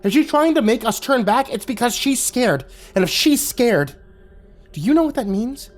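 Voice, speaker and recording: A man's voice: extremely high pitch, animated, moderate pace, voice pushed up. A man voicing a determined young woman who talks urgently and intensely.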